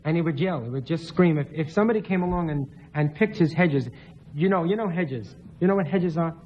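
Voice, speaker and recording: Excitable man with a high voice, guest on a talk show, rambling comic storyteller. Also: fairly quick, a little hiss or hum. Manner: rambling, excitable, laughs often, acts out voices.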